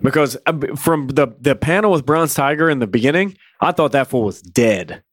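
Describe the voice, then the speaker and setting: A man's voice: medium pitch, lively intonation, brisk, no room sound, studio quality. A man co-hosting a podcast, chatting enthusiastically about a comic book issue. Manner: enthusiastic, conversational, uses fillers. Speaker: podcast co-host. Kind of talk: casual comic book discussion.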